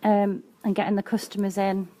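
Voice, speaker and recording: A woman's voice: medium pitch, flat delivery, brisk, warm tone. A woman nail technician and educator giving a chatty, practical live-streamed nail art demonstration, with frequent ums as she works.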